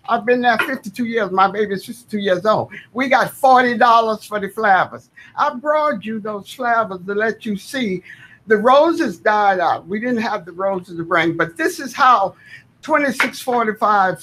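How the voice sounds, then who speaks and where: Older woman, bright insistent voice. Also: medium pitch, slight background noise. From Southern United States. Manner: earnest, pleading, folksy and insistent. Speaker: tenant giving public comment. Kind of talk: public comment at a board meeting. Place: public meeting room.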